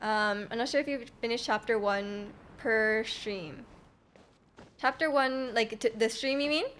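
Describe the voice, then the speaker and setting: A woman's voice: a little high, a little slow, a bit bright, a little hiss or hum. Giggly rambling woman streamer. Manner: rambling, giggly, lots of fillers. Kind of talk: casual chat while gaming.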